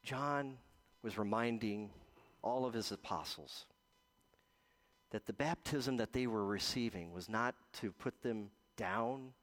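A man preaching a gentle baptism sermon as pastor, telling stories with slow, drawn-out pauses. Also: medium pitch.

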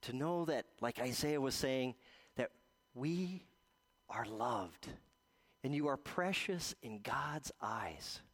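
A man preaching a gentle baptism sermon as pastor, telling stories with slow, drawn-out pauses. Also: mid-range voice, expressive.

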